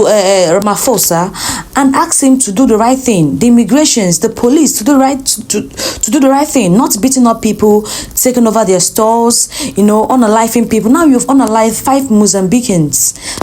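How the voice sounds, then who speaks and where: A woman's voice: on the high side, darkish tone. A woman giving emphatic opinion commentary, often repeating her points.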